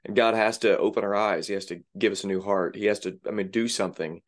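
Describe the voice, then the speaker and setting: Low-voiced male podcast host. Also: quick pace. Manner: brief affirmations, explains scripture calmly. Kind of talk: conversational interview.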